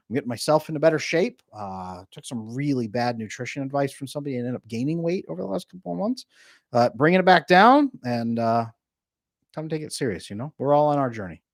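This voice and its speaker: A man's voice: medium pitch, dry recording, studio quality. Joking man hosting a relationship Q&A. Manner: joking, chatty, quick to laugh. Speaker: relationship coach hosting a live Q&A. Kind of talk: casual livestream chat, reading viewer comments. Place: home room with a bookshelf behind him.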